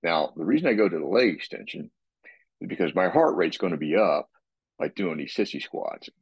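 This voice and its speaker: A man talking casually about his workout, rambling and restarting his sentences and clearing his throat often. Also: deep voice, animated, fairly quick, dry recording, highs cut off. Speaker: guest describing his workout. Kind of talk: casual podcast talk.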